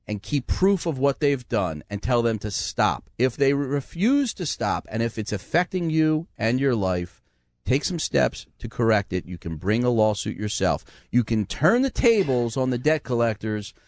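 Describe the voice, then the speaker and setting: A man hosts a radio call-in show, folksy and playful. His pitch rises and falls in an animated way, and the studio sound is dry and close. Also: moderate pace, dry recording.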